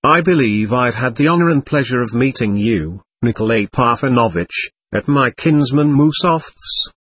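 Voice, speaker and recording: A man reading an excitable, slightly drunk man under interrogation, who pleads nervously and repeats himself. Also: medium pitch, normal speed, breathy edge. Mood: eager. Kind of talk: audiobook reading.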